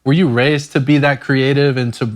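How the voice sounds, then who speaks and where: A man's voice: medium pitch, flat delivery, moderate pace. A man hosting a casual interview, reacting briefly and asking curious follow-up questions.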